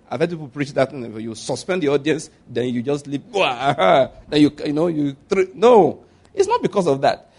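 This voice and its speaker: A middle-aged man with a Nigerian accent preaching a sermon as a pastor, animated and laughing at his own stories. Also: on the high side, slightly rough.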